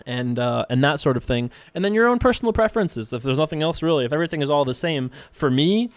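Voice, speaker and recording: A man's voice: on the high side, expressive, fast, no echo, studio quality. A man casually commenting on his online poker hands and answering viewer emails, rambling and thinking aloud with a self-amused tone, from a room at home.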